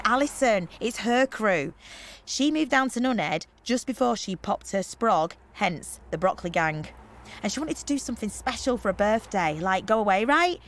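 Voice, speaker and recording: A woman's voice: fairly high pitch, a bit bright, full character voice. An actress playing a brash, boozy young woman organising a party trip in a comedy radio play, cheeky and slangy.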